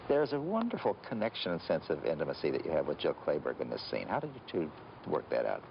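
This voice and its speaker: A man hosting an interview show, asking questions and introducing clips in measured, formal phrasing. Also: extremely low pitch, huge pitch swings, gravelly. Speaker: interview host. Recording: dull lo-fi recording, faint noise.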